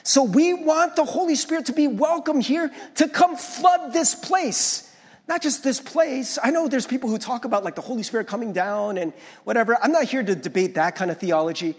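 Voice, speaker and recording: A man's voice: very high voice, moderate pace, in a large hall. A male pastor preaching a conversational sermon, often checking in with the congregation and restarting his words. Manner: restarts and stumbles over words.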